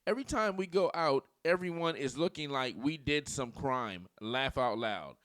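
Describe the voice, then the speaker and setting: A man's voice: medium pitch, expressive, moderate pace, a bit bright, dry recording, studio quality. A man in his forties giving casual dating commentary, telling stories in slang and mimicking voices.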